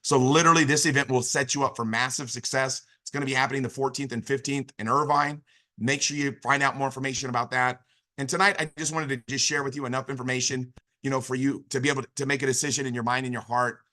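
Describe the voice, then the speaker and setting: A man giving an enthusiastic motivational business pitch on a video call, telling a long story with lots of "literally" and "you know". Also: steady tone, fast, bright, forceful tone. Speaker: business opportunity speaker.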